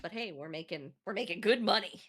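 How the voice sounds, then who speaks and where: A woman co-streaming a game, chatting casually, playful and excitable with mock outbursts. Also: mid-range voice, brisk, heavy background noise. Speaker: guest co-streamer. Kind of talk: casual gameplay chat.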